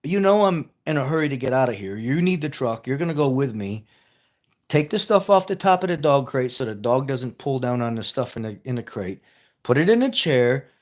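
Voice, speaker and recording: A man imitating a hurried, exasperated woman who is demanding help. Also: animated, lightly acted. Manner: high, pushy, exasperated demands. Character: harried adult woman, rushed and exasperated.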